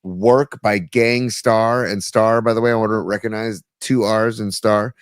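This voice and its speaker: A man's voice: on the low side, fairly even intonation, a little slow, smooth, no echo, clean studio sound. A man co-hosting a podcast in casual sports chat, loose and chatty, reading listener song picks. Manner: loose and chatty, calls everyone dude. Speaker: podcast co-host.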